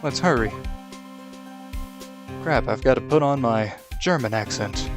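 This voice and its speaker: A man at a middling pitch chats casually through a game he is playing, making self-mocking asides. Game music runs clearly underneath his voice. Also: moderate pace. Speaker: let's play host.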